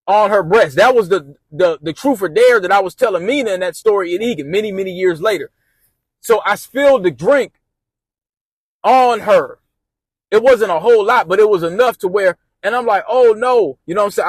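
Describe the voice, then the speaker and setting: A man's voice: sits high, fairly quick, breathy edge, no room sound. A man telling a rambling personal story casually, repeating and restarting phrases as he goes.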